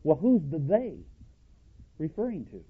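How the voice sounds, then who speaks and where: A man's voice: a little high, big pitch swings, unhurried, breathy edge. A plain-spoken man teaching a scripture-based sermon, emphatic and quizzing his listeners with rhetorical questions. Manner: self-described cowboy, plain-spoken. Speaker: Bible teacher. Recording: tinny phone-like audio.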